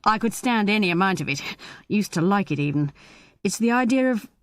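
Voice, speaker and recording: A woman's voice: mid-range voice, expressive, dry recording, clean studio sound, lightly acted. Reggie, a woman doing a stammering, nervous young man. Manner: stammering, halting.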